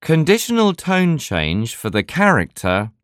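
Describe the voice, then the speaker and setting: Male instructor, slow measured read with a very lively pitch, dry close sound. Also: no echo. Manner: slow, deliberate explaining. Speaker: language teacher. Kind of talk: scripted instructional narration.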